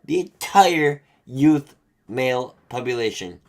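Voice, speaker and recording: A man's voice: mid-range voice, animated, slow, a little mellow. Swearing, drawling man on a podcast. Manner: profane, drawling, lots of "dude". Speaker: podcast co-host. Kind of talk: casual podcast chat.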